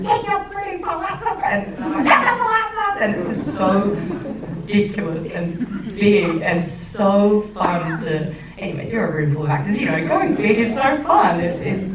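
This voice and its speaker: A woman, an actress on a screening panel, talking in a chatty, animated way with many fillers and restarts. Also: deep voice. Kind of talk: panel Q&A chat. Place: screening room with audience. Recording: roomy and distant with faint noise.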